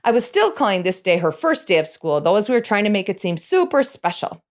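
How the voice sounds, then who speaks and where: A middle-aged woman telling a personal story in an animated way, chuckling as she goes. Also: mid-range voice, brisk.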